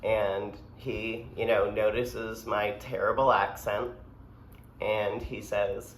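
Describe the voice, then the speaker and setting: Brief: unhurried, lowish-voiced man, rambling casual storyteller, echoey room. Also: level tone. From United States. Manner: laid-back, rambling, filler-heavy. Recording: echoey room, faint background hum.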